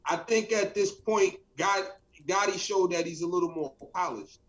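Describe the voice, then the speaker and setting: A man's voice: high-pitched, normal speed, dull audio. A man co-hosting a casual chat, laid-back and teasing, saying "man" a lot. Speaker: co-host.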